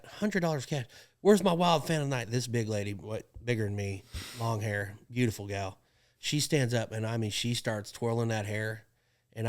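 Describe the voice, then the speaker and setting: A man who works as a rodeo clown, telling stories in a casual podcast chat, laughing often and acting out what people said. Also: lowish voice. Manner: animated, laughing, acts out quotes.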